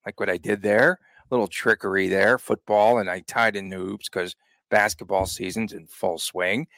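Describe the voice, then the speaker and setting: A man's voice: fairly low pitch, fairly even intonation, normal speed, a bit bright, no echo. A man co-hosting a sports podcast, joking and rambling in casual chat. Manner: joking, rambling, laughs often. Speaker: podcast co-host.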